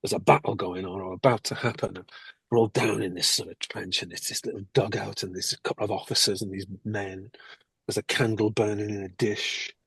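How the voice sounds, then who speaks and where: An older man, an actor, telling lively anecdotes in an interview and acting out the people he quotes. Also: lowish voice, fairly quick, creaky, husky, no echo. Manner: animated, acts out quoted people. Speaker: actor guest.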